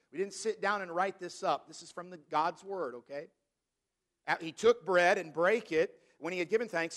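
A man preaching a sermon as pastor, reading scripture slowly and stressing key words. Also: high-pitched, a bit bright. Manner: preaching, reads scripture in King James wording, slows for emphasis.

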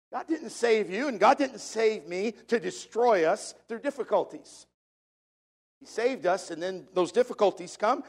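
High-voiced emphatic preaching man. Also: gravelly. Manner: emphatic, slows down to stress verses. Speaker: pastor. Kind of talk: sermon.

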